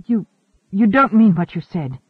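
A man's voice: high-pitched, unhurried, no echo. Weary woman colonist, read by a man. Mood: earnest. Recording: narrow, phone-like, dry sound.

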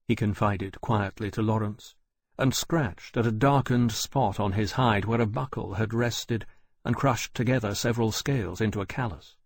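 A male audiobook narrator reads scripted narration in a measured, even storytelling style. His voice is lowish, and the recording is dry.

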